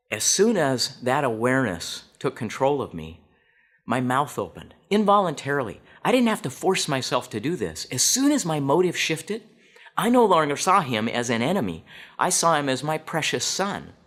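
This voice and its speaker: A man's voice: mid-range voice, normal speed. A middle-aged man giving a talk to an audience, telling a personal story and acting out the dialogue in it. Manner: animated, acts out quoted dialogue. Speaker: speaker.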